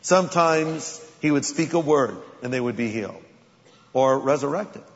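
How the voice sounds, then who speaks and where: A man's voice: medium pitch, animated, normal speed. A male pastor delivering a sermon in a conversational style with dramatic emphasis. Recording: long hall reverb, dull lo-fi sound.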